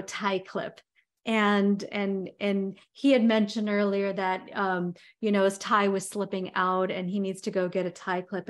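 A woman giving a motivational talk, telling everyday stories in a conversational way with frequent "you know" fillers. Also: medium pitch. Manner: conversational, many "you know" fillers, builds vivid scenarios. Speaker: motivational speaker.

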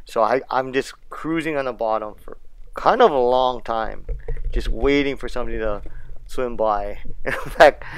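A man, casually narrating his fishing and diving video in an excitable, laid-back way, laughing often and using island slang. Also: medium pitch, moderate pace, clear, resonant tone. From Hawaii. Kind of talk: casual narration over footage.

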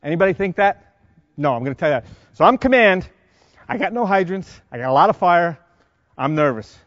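A middle-aged man with a New York accent, lecturing a class of firefighters and quizzing them with quick questions. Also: sits high, animated, fairly bright tone, no room sound. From Long Island, New York. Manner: quizzing the audience with rapid questions. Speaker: fire service instructor. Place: conference lecture room. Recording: dry, dull lo-fi sound.

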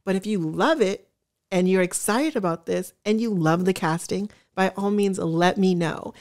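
A woman's voice: medium pitch, normal speed, darkish tone. A woman giving casual reaction commentary to her viewers, chatty and earnest, openly emotional and gushing. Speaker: trailer reaction vlogger.

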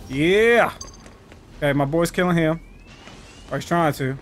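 Loud trash-talking man streamer. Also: fairly high pitch, moderate pace, pauses often, soft background music. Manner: profane, trash-talking, shouts at enemies. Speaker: gaming streamer. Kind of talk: live gameplay commentary.

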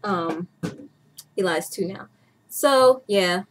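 A woman's voice: medium pitch, slow pace, slight background noise. A woman in her twenties chatting candidly as a vlogger, laughing often as she talks. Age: 20s. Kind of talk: casual chat.

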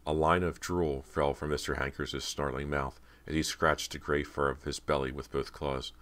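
A man narrating a horror audiobook in a steady, measured reading. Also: extremely low pitch.

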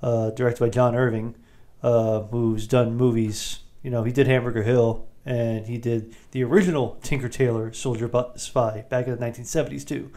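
A man hosting a podcast, giving a rambling, jokey recap of a movie with quick asides. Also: medium pitch, fairly even intonation, warm tone, faint music behind. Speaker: podcast host.

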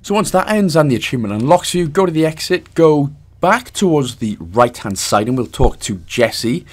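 A man's voice: on the high side, lively intonation, moderate pace. Jokey Welsh man narrating a game guide. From Wales. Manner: jokey, self-mocking asides. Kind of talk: casual voice-over game walkthrough.

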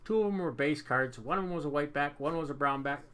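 A man's voice: a little high, fast, fairly bright tone, clean tone. A man casually narrating a hockey card box break as its host, chatty and upbeat, often repeating himself. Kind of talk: casual card-opening commentary.

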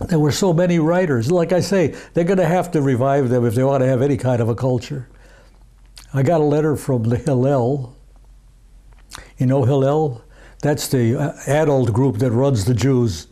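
An older man, an archivist of Yiddish culture, talking in a rambling, halting way with many fillers in a casual interview. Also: mid-range voice, dark tone. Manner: sings Yiddish folk songs unaccompanied.

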